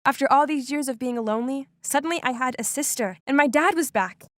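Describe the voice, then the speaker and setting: A woman narrating a first-person animated story in an expressive, dramatic way. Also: high-pitched, brisk, no echo.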